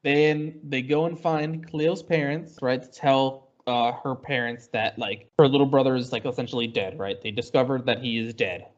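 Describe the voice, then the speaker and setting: A man's voice: mid-range voice, steady tone, normal speed, few pauses. Man, podcast co-host, casual rambling recap, lots of fillers, dull lo-fi sound. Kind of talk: casual chat.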